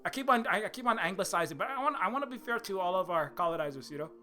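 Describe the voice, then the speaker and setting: Male video essayist, bright and sarcastic, rambling, soft music bed. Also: high-pitched, lively intonation, rapid-fire. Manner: rambling, sarcastic, many fillers and restarts. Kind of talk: satirical commentary.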